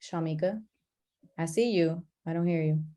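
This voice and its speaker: A woman leading an online class on a video call, talking in a relaxed, chatty way and laughing at her own slips. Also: sits low, normal speed. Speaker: class facilitator.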